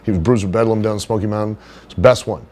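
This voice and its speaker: Low-voiced man telling wrestling stories. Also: racing. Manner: animated storyteller, does high put-on voices for others. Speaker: wrestler being interviewed. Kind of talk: casual storytelling interview.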